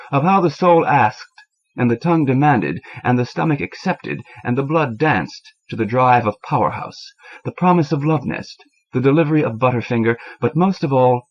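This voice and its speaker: A man's voice: mid-range voice, slightly rough. Man narrating on an old tape. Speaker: audiobook reader. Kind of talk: scripted narration. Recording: dull lo-fi cassette audio.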